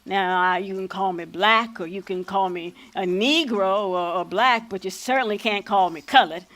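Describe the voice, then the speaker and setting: A woman's voice: medium pitch, normal speed, a bit bright, lightly acted. A woman playing a proud, shrewd old freedom fighter. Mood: defiant. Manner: folksy vernacular storytelling, playful and defiant. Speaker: lead actor. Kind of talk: stage acting.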